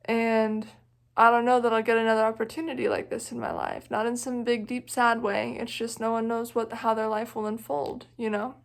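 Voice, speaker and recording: A woman's voice: a little high, level tone, normal speed, gravelly. A young woman vlogging about her long-distance hike, talking in a thoughtful, rambling way full of "like" and "you know". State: emotional, near tears. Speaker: thru-hiker vlogger. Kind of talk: reflective casual vlog.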